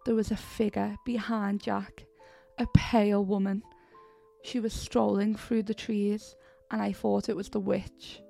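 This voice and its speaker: Gravelly woman narrating a horror story. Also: medium pitch, flat delivery, unhurried, warm tone, soft background music. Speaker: podcast host and story reader.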